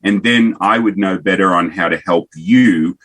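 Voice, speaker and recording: A man's voice: low-pitched, normal speed. A man in his fifties with an Australian accent, a business owner telling stories and jokes in a casual interview. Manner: jokey, animated storyteller. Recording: remote call.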